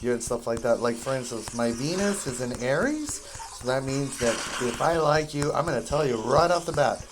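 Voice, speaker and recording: A man's voice: mid-range voice, background noise. A man giving rambling casual commentary to viewers while he plays a game, wandering from topic to topic and breaking off mid-sentence. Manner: meandering, self-interrupting, talks to viewers. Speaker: gaming streamer.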